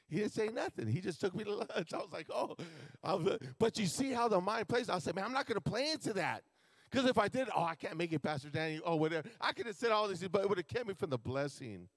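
A man's voice: high voice, animated, fast talker, few pauses, no echo. A man preaching a sermon in a loose, conversational way, acting out his own thoughts and stumbling over words now and then. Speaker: pastor. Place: church sanctuary.

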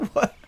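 A man's voice: fairly bright tone, a little hiss or hum. A man in his thirties streaming a game, joking sarcastically with frustrated outbursts. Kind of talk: let's play commentary.

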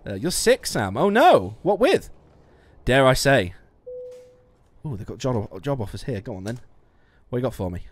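Guy streaming a truck game, lively swings in pitch, sweary and self-mocking, faint game noise behind. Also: moderate pace, pauses often. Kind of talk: casual game livestream chat. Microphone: studio musician mic.

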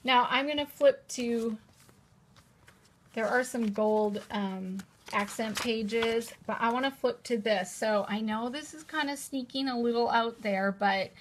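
A chatty woman hosts a casual live-stream showcase from her table, gushing over each item. Her voice sits a little high, and she speaks toward a camera propped in a holder. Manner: gushing, chatty, repeats "how cute is that". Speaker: host presenting new planners. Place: indoors at a table at home.

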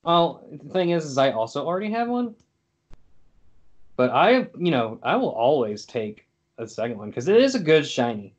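Young dude hosting a podcast, kinda high voice, jokes around and rambles a lot. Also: male voice, sing-song, normal speed, highs cut off. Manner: playful, jokey, rambling. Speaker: podcast co-host. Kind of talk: casual chat.

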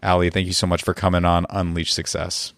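A man's voice: deep voice, monotone, a little fast, gravelly, fairly bright tone, no room sound, studio quality. A young man hosting a podcast, talking in an enthusiastic, encouraging way. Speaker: podcast host. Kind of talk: interview and scripted outro.

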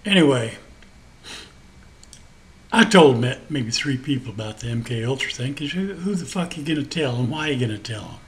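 A man's voice: mid-range voice, expressive, moderate pace, pauses often, low-quality recording. A man hosting a show, delivering a rambling, profane monologue rant with emphatic repetition. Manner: profane, emphatic, laughs at his own points. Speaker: host.

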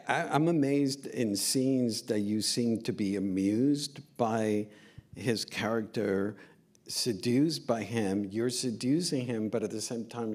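Slow, hesitant male moderator. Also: lowish voice. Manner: hesitant, many ums and restarts.

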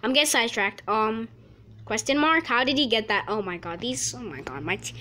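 A woman commentating her own gameplay, excitable and repetitive, with frustrated outbursts at her teammates. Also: fairly high pitch, moderate pace, noisy background. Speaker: gamer.

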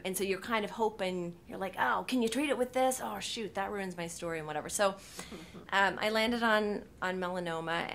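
Animated woman telling a story on a panel. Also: lowish voice, a little hiss or hum. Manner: animated, many fillers and restarts, acts out quoted lines. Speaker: TV writer on a panel.

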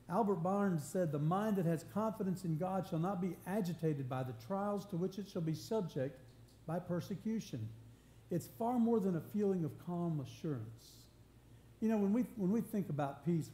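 A man's voice: sits high, warm tone. A man preaching a sermon, earnest and conversational, often restarting and building emphasis. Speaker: pastor. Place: church sanctuary. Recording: roomy church live stream with faint hum.

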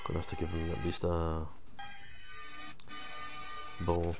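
A man's voice: sits low, completely flat delivery, takes it slowly, over music. A man chatting casually while streaming games, thinking aloud and swearing freely. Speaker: gaming streamer.

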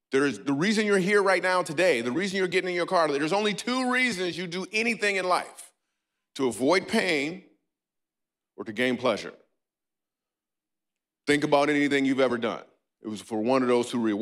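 A man doing a stand-up comedy set on a church stage, riffing playfully with a live audience. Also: fairly bright tone. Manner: playful, riffing with the audience, breaks into squeaky and goofy voices.

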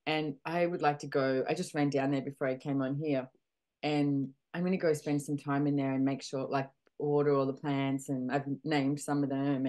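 A middle-aged woman with an Australian accent and a low, mellow voice hosts a podcast over a video call. She speaks candidly in casual conversation, acting out her own reactions as she goes.

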